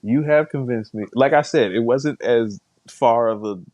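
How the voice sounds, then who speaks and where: A man's voice: medium pitch, normal speed, a little mellow, no room sound, dull audio. A man co-hosting a podcast in casual chat, laid-back and agreeable. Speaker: podcast co-host.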